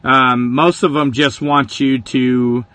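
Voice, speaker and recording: A man who works as a hotshot trucker, a guest on a livestream chat, talking in an easygoing way with many pauses and fillers. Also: mid-range voice, level tone, sharp tone.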